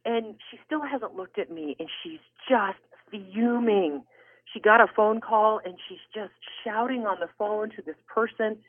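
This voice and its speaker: A woman guest author telling a personal story in an interview, animated and expressive. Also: mid-range voice, unhurried, no echo. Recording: tinny phone line.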